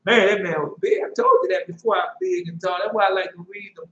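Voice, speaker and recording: A man's voice: high voice, fast, pushed and bright. A man preaching an informal sermon, reading scripture and breaking into loose, conversational asides. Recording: echoey, dull lo-fi room recording with faint hum.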